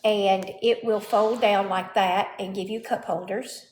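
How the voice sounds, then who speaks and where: A woman's voice: medium pitch, fairly even intonation, unhurried, a little mellow, slight background noise. A woman giving a casual show-and-tell of her home furnishings, chatty and often checking in with the viewer. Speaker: home vlogger. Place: indoors at home.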